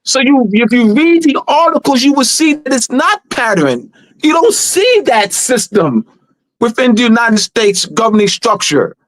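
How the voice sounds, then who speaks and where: A man's voice: extremely high pitch, sing-song, unhurried, a bit bright, dry recording. A man hosting a live teaching discussion, talking emphatically and repeating his points as he urges listeners on. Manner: emphatic and repetitive, urging listeners. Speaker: host.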